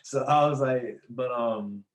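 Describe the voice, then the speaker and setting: A young man, a podcast guest, telling a personal story in a relaxed, lively way, laughing often as he goes. His voice sits at a middle pitch for a man. The recording carries a noticeable room echo. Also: slow pace. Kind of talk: casual storytelling.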